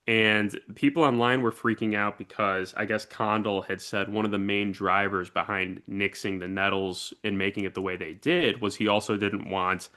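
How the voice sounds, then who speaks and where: A man co-hosts a podcast in relaxed, casual chat. His voice sits a little low, and he grows animated as he walks through scenes. He talks easily and lets his enthusiasm show. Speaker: podcast co-host.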